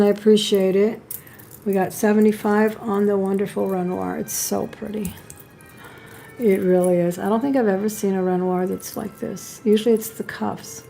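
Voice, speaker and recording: A woman's voice: mid-range voice, gravelly, dark tone. A woman hosting a live jewelry sale, chatting and admiring each piece as she shows it. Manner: chatty, admiring, talks while handling pieces. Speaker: live-stream jewelry seller.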